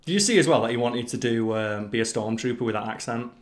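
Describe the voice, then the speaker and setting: A man's voice: mid-range voice, fast. Male co-host, enthusiastic rambling storyteller, swears freely. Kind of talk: casual chat.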